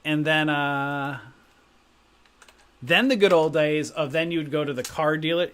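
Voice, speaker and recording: A middle-aged man chats casually on a livestream, and his voice sits a little high for a man. He wanders from story to story and keeps checking in with a quick "right?". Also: fairly bright tone, clear, resonant tone. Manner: rambling anecdotes with frequent "right?". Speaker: stock trading stream host.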